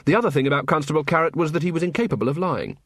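A man narrating a story in a wry, expressive reading. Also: on the high side, rapid-fire, no echo, studio quality. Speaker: audiobook narrator. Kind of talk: scripted narration.

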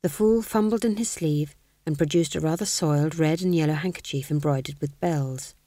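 A woman narrates a comic fantasy novel in a lowish, steady voice. Her delivery is measured and expressive. The recording is close and dry, with no room sound. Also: dry recording. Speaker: audiobook narrator.

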